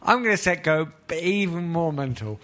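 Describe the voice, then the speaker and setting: A man's voice: a little high, expressive, normal speed, a bit bright. Blunt, sweary male podcast host. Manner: blunt, swears casually, laughs while talking. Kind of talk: casual football podcast chat.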